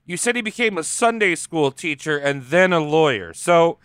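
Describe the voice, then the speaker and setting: Bright, lively joking man. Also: a little high, clear, resonant tone, no room sound, studio quality. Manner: interjecting, quick jokes, lively. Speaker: podcast co-host. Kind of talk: casual comedic banter.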